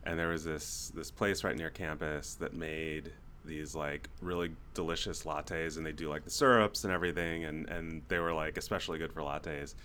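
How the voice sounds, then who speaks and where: Podcast co-host, male, from New Jersey, very low voice, loose rambling chat. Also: steady tone, moderate pace, few pauses, a bit bright, a little hiss or hum. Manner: rambling, full of fillers and restarts. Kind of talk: casual chat.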